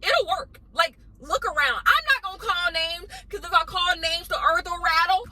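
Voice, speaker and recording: A woman's voice: extremely high pitch, moderate pace, bright, forceful tone, low-quality recording. A woman giving a blunt, emphatic ranting commentary as the host of her own vlog, hammering points home by repeating them. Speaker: commentary vlogger.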